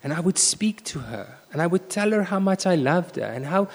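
Brief: animated male preacher, rather high voice that leaps about, long hall reverb. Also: normal speed. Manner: animated storytelling, swinging between loud bursts and hushed asides. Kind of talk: sermon with personal story.

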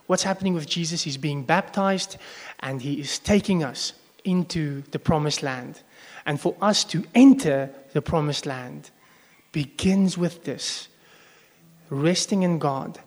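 Male pastor, a bit high-voiced, chatty sermon that quizzes the congregation, live in a reverberant church hall. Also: measured pace, a little mellow. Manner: conversational, asks the congregation questions. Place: church service before a congregation. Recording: long echo of a large hall.

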